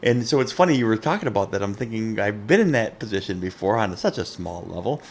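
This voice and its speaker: A man co-hosting a podcast, telling a funny personal story in casual chat, animated and laughing often at himself. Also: lowish voice, fast, slight background noise. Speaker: podcast co-host.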